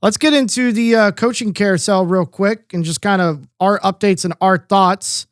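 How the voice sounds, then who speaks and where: Podcast co-host, man, high-pitched, dry close sound, rambling and profane sports talk. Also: normal speed, smooth, no room sound. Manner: profane, rambling, lots of fillers. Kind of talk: casual sports chat.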